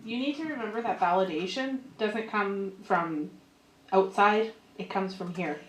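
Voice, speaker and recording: A woman's voice: medium pitch, a little slow. A woman speaking earnestly to an audience, encouraging them as a guest at her partner's talk. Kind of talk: short encouraging address to an audience. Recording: echoey room, faint noise.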